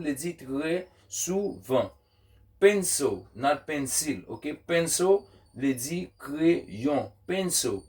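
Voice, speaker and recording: A man teaching vocabulary at an unhurried pace, repeating each word before giving its meaning. His voice sits at an ordinary pitch and sounds a little distant from the microphone. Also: a little mellow. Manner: repeats each word slowly, then gives the translation. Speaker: language teacher. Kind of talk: vocabulary lesson. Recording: voice from a distance off the mic.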